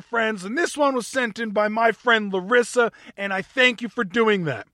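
Bubbly high-voiced male podcast host. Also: moderate pace, sharp tone, dry recording, soft background music. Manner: bubbly, giggly, playfully over the top. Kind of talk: upbeat talk show chat.

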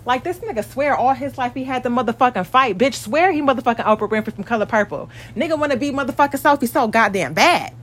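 A woman's voice: on the high side, animated, quick pace, hardly any pauses, fairly bright tone. A woman in her twenties venting bluntly and profanely in an exasperated rant about a partner. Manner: mocks others in acted quotes.

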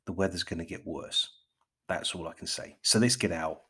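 Low husky-voiced chatty gardening host. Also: male voice, fairly quick, bright, forceful tone. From United Kingdom. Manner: rambling, chatty, keeps addressing listeners as friends. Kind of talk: casual monologue podcast.

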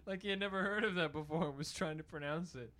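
A young man with a bright, forceful voice pitched a little high, joking his way through a casual chat. He is goofy and laughs a lot. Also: quick pace.

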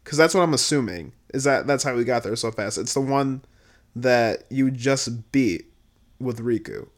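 A man giving a casual, profane recap, blunt and exasperated, swinging between low muttering and loud outbursts. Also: normal speed. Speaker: video creator reviewing a game.

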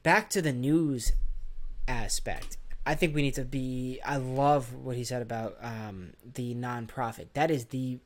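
A man's voice: medium pitch, unhurried. A young man co-hosting a comedy podcast in casual chat, rambling in a laid-back way with many ums. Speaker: podcast co-host.

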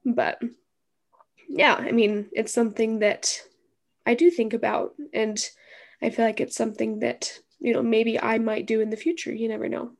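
A woman's voice: fairly high pitch, flat delivery, moderate pace, gravelly. A young woman co-hosting a podcast, talking in a reflective, hesitant way, still teary. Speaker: podcast co-host. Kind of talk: casual chat.

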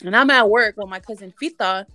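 A woman's voice: mid-range voice, a little fast, bright, forceful tone, no room sound, soft background music. A young woman co-hosting a podcast, telling stories in a playful, teasing manner. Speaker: podcast co-host. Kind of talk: casual storytelling chat.

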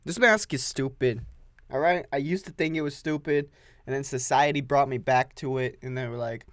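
A man's voice: mid-range voice, steady tone, brisk, no echo, studio quality. A young man hosting a solo podcast, rambling and swearing, repeating himself as he talks while standing with a coffee. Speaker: podcast host.

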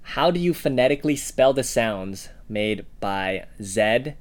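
A man co-hosting a language-learning podcast, explaining words in a relaxed way with fillers. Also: medium pitch, measured pace. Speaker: podcast co-host. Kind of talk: casual language lesson podcast.

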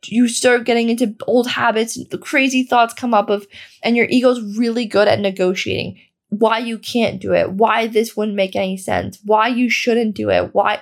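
Gravelly, casual woman podcast host. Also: on the high side. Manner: casual and candid, swears freely, heavy use of "like". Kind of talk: self-help podcast monologue.

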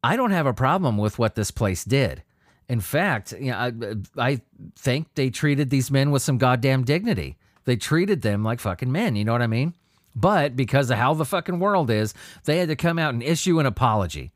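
Profane, animated man ranting into a dry mic. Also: medium pitch, normal speed, dry recording. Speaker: podcast host reading news. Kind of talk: solo commentary on news articles.

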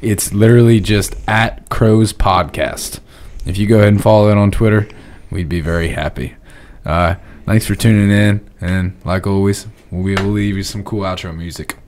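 A man co-hosting a podcast, riffing in an animated, mocking way. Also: normal speed, hardly any pauses, slight background noise. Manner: animated, mocking, rising pitch when riffing. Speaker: podcast co-host. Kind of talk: casual chat.

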